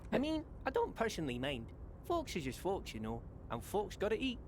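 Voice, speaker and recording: A man's voice: high voice, huge pitch swings, fairly quick, slight background noise. An actor playing a wary, laid-back male harbour worker, heard as faint distant game audio.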